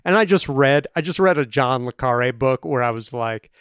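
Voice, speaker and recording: A man's voice: medium pitch, lively intonation, normal speed, a bit bright, clear, resonant tone, no room sound, clean studio sound. A man co-hosting a podcast, casually joking and recounting film scenes. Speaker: podcast co-host discussing a film. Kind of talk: casual comedic chat.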